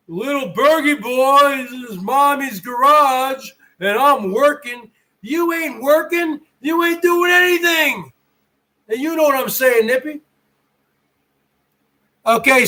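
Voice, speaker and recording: A man's voice: extremely high pitch, pushed and bright, poor audio. A man hosting a livestream, ranting and taunting his viewers and rivals with profanity in casual talk. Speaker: livestream host. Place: home garage.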